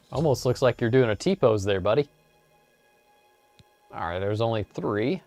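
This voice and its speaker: A man giving relaxed, joking commentary while playing a video game, with frequent "uh"s. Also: medium pitch, slow, pauses often. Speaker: let's play host. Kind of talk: casual gameplay commentary. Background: game music.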